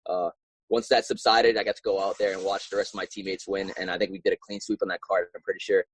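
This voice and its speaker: A young man and professional fighter telling his story in a casual interview, animated and acting out his own past reactions. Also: low-pitched, fast, breathy edge, rough recording.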